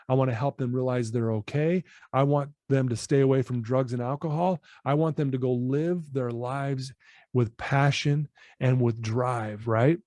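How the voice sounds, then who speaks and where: A man's voice: mid-range voice, no echo. Earnest man telling his story, dry sound. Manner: earnest, animated storyteller addressing the host. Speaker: guest, personal-development coach. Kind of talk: podcast storytelling.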